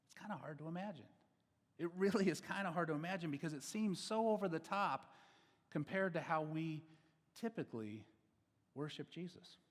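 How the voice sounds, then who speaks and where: A man with a slightly raised voice preaches in a relaxed, chatty way, and the long reverb of a big hall trails after his words. He keeps checking in with the listeners with "okay?" and "right?", and he repeats words as his thoughts come together. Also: on the high side. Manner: casual, checks in with the audience with frequent "okay?" and "right?"; stumbles and repeats words as he builds each point. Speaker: pastor. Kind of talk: conversational sermon.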